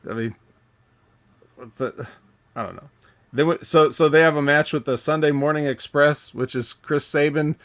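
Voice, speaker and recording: A man's voice: fairly high pitch, fairly bright tone. Rambling male podcast host. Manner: rambling, halting, lots of fillers and restarts. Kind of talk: casual podcast chat.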